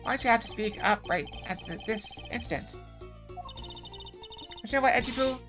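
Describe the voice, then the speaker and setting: A woman's voice: fairly high pitch, a little fast, natural voice. A woman voicing a chatty, fawning elderly woman security guard in a video game playthrough, rambling and doting. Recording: music playing underneath.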